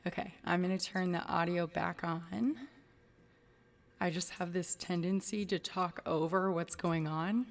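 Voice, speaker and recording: A woman's voice: on the low side, fairly even intonation, a little slow, far from the mic. A woman hosting a casual livestream, greeting viewers by name and chatting loosely. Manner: chatty, reads out viewer names. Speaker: livestream host.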